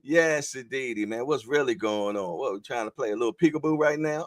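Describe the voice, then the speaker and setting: A man's voice: medium pitch, a little fast, dry recording, clean studio sound. A man hosting a casual live stream, joking, laughing often and reading viewer comments aloud in loose slang. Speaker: livestream host.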